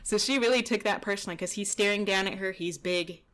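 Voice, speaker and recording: Woman, dog trainer, mid pitch, relaxed conversational commentary over footage. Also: fast talker. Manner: relaxed, chatty, explaining with frequent "you know" and "kinda".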